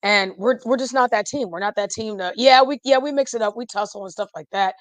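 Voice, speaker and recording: A woman, a podcast guest chatting casually about football, animated and laughing often, trailing off mid-thought. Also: a little high, fairly quick, dry recording. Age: 40s. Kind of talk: casual fan chat.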